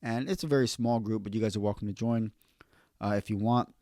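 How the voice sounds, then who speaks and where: A man who works as an electrician, giving casual, earnest advice on passing an exam, slowing down to repeat key points. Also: lowish voice, warm tone, dry recording, clean studio sound. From California.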